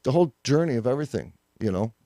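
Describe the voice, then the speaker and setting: A man's voice: mid-range voice, rapid-fire, dry recording. A man co-hosting a radio show, chatting and teasing playfully in the studio and telling stories with lots of energy. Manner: playful, teasing, animated storyteller. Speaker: co-host. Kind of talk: casual chat.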